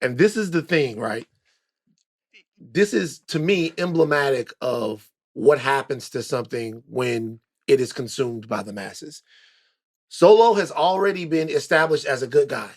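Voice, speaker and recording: Man, fairly high voice, podcast co-host, long excited explanations. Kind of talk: casual movie podcast chat.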